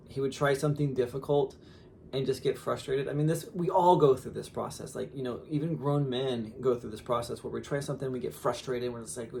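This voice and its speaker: A man in his thirties, a father, telling a story casually on a podcast in an animated way with lots of fillers. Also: medium pitch, gravelly, a little hiss or hum. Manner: animated, laughing, lots of fillers and quoted asides.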